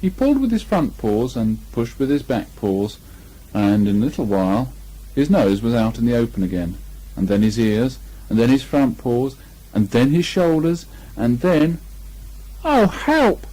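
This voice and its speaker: A man reading a children's story aloud in lively, expressive narration, on a muffled old tape. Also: medium pitch, moderate pace.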